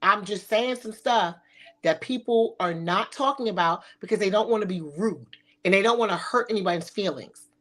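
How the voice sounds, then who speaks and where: A woman's voice: mid-range voice, normal speed, fairly bright tone. A middle-aged woman hosting a talk show, speaking bluntly and sassily with frequent swearing. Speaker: podcast host. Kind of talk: provocative casual talk.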